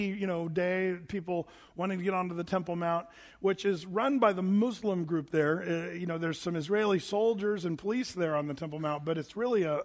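High-voiced pastor in a reverberant hall. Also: male voice. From United States. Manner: chatty, rambling with many fillers and restarts. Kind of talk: sermon.

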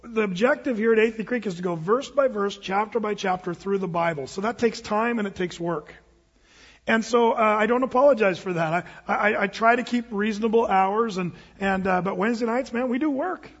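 An American pastor preaches a sermon in a church sanctuary, conversational and emphatic, dropping in quoted asides. His voice is high, husky and a little fast. The audio is dull, with a big-room sound.

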